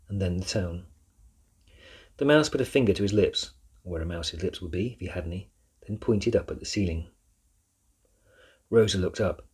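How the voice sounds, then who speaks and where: Deep, husky male storyteller. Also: a little mellow. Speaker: narrator. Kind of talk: audiobook narration.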